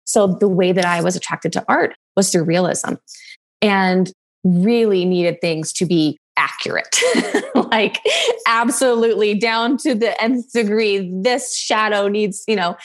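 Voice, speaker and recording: A young adult woman telling a personal story in casual conversation, candid and animated, laughing often and swearing casually. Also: mid-range voice, a little slow.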